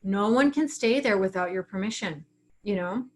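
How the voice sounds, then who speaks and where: A woman teaching a writing class over a casual livestream, talking in a chatty, frank way. She keeps acting out her own inner thoughts as she goes. Her voice sits at an ordinary middle pitch. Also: normal speed.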